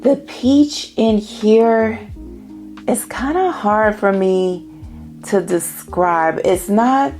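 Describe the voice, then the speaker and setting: A middle-aged woman from Indiana chatting casually about perfumes on her vlog, savoring each scent in drawn-out phrases. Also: medium pitch, a little mellow, soft background music. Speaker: fragrance vlogger.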